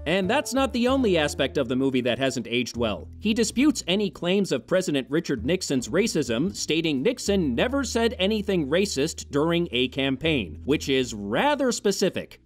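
Sarcastic male film reviewer, higher voice, very lively delivery, exasperated, faint background music. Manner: sarcastic, exasperated, swears freely. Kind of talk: sarcastic scripted commentary.

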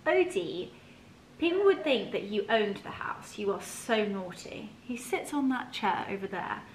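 A woman vlogging, chatting warmly and gushingly to her viewers and her dogs. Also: mid-range voice, expressive, measured pace, slight background noise. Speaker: lifestyle vlogger. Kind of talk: casual vlog chat to camera.

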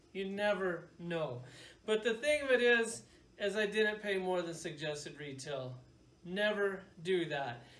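A man's voice: sits high, fairly bright tone, reverberant. A man reviewing action figures in casual, rambling chat, with a sarcastic, joking manner. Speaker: toy reviewer.

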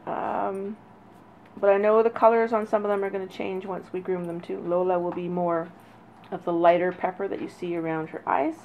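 A woman breeder talking casually and fondly while she films her puppies, now and then calling to them in a high sing-song. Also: little pitch movement, moderate pace. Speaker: dog breeder. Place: indoors near a puppy crate. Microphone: handheld camera. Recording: dull lo-fi audio with faint noise.

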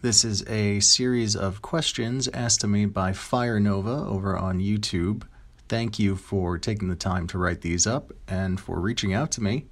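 Low-voiced man with a radio tone. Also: measured pace. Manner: relaxed, conversational, many ums and you-knows. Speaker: voice actor and content creator. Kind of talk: reading out interview questions and answering casually. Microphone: home mic.

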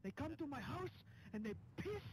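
A man with a notably high voice trash-talks in character as a street thug during an online game role-play. He swaggers, threatens and bursts into shouts between boasts. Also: very animated, moderate pace. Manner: trash-talking, shouting bursts, gangster bravado.

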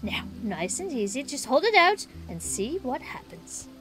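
A woman voicing a cheerful, eager dinosaur researcher from a video game, reading the lines aloud with bubbly excitement. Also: high voice, measured pace, music in the background, voice pushed down.

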